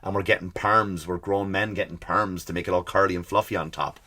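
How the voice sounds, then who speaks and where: A man's voice: deep voice, fairly quick. Profane ranting man, Irish-American accent. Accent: mixed Irish and American. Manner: profane, animated, exasperated ranting. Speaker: comedy podcast host. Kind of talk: ranting comedy podcast monologue.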